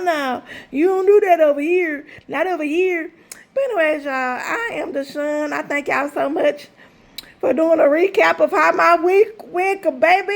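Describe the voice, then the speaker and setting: A woman, chatting to her viewers in a vlog with animated, drawn-out exclamations. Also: extremely high pitch, creaky. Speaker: vlogger. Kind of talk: casual chat to viewers.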